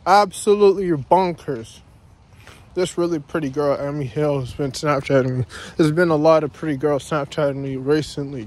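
A vlogger with a fairly high, darkish voice rants while strolling outdoors through his neighborhood. It's a casual, repetitive vlog in which he says "guys" again and again.

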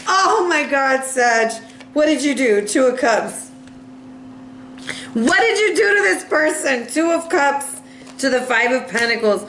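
A woman's voice: high voice, lively intonation, unhurried, fairly bright tone, echoey room, a little hiss or hum. A woman giving a casual, playful tarot reading, laughing often and acting out little voices, with a cough now and then. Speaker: tarot reader.

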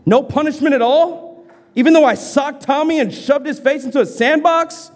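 A preacher putting on a defiant, sneering schoolboy. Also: male voice, extremely high pitch, normal speed, voice pushed up. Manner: sneering and cocky, later pleading in tears. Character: defiant young schoolboy who breaks down sobbing. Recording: reverberant church hall.

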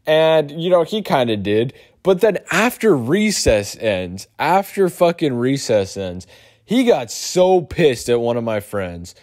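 A young man telling a profane, animated storytime for his YouTube channel. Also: slow. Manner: profane, animated storytelling with big pitch swings. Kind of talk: storytime vlog.

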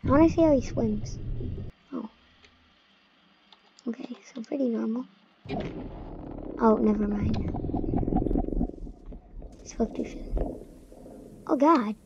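A woman's voice: fairly high pitch, slow pace, pauses often. A teenage girl chatting casually while playing a game, slipping into whispers and sung bits. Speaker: gamer. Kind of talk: casual gameplay commentary. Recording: dull lo-fi mic with faint noise.

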